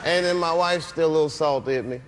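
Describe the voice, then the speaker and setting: A middle-aged man, a comedian guest on a talk show, telling animated stories, laughing often and acting out voices. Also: fairly high pitch, fast, heavy background noise. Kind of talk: talk show interview storytelling.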